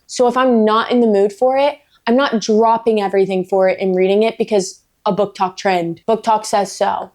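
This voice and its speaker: A woman's voice: medium pitch, fairly even intonation, normal speed, few pauses, a little mellow. Blunt, swearing woman book vlogger. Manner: blunt, emphatic, swears freely; playful, self-mocking asides. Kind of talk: casual vlog rant.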